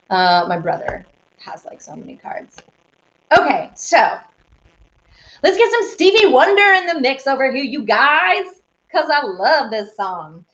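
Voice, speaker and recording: A woman's voice: high voice, slight background noise. A woman from Oklahoma with a Southern accent, a singer and host chatting casually with viewers between songs and answering their comments. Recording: lo-fi with ukulele playing. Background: ukulele music.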